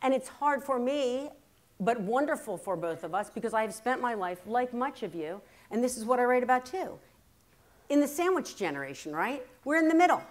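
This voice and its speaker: A woman's voice: fairly high pitch, expressive, brisk. A woman in her fifties giving a humorous keynote talk, telling family stories and acting out the quotes. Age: 50s. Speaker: keynote speaker. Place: conference hall before a live audience.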